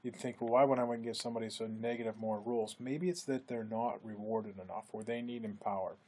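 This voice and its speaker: A man lecturing in a relaxed, conversational way, acting out quoted remarks with a lifted voice. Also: fast, husky. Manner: conversational, acts out quoted speech with lifted pitch. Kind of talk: recorded lecture.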